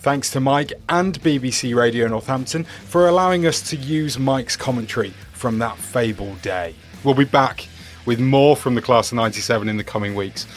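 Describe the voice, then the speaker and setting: A man's voice: mid-range voice, normal speed, soft background music. A man hosting a podcast, thanking his guest and reading the show's closing announcements. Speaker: podcast host. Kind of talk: interview and scripted podcast outro.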